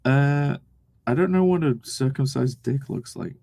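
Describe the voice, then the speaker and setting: A man's voice: mid-range voice, measured pace, vocal fry, a little mellow, no echo. A young man casually streaming, reading chat aloud, laughing often and swearing freely.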